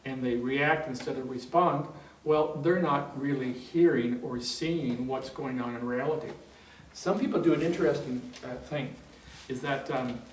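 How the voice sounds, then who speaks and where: A man working as a trainer, telling an anecdote in a seminar in a rambling way, full of fillers and restarts. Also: medium pitch. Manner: rambling, many fillers and restarts, chuckling storyteller. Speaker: NLP trainer. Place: training room. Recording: roomy hall, distant mic, faint noise.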